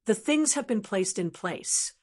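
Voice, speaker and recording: A brisk young man of the court, as a woman reads him in an audiobook. He speaks evenly and in a measured way, at a middling pitch. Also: lively intonation, warm tone, slightly rough. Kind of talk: audiobook narration.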